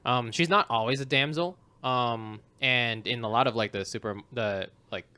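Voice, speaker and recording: A man co-hosting a casual movie podcast, talking loosely, swearing now and then, and slipping into quick character impressions. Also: mid-range voice, pushed and bright, smooth, dry recording. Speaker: podcast co-host. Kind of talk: casual film review chat.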